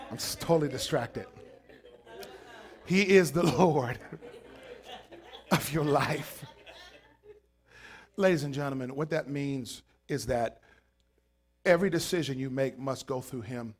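A man preaching a sermon, swinging between shouted, fiery passages and quiet asides, calling out to the congregation. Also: medium pitch. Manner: calls out to the congregation.

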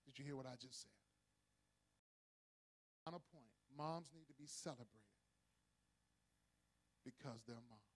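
A man preaching a sermon as pastor, leading the congregation in call-and-response and swelling to shouts. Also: medium pitch, a little slow, long pauses, husky.

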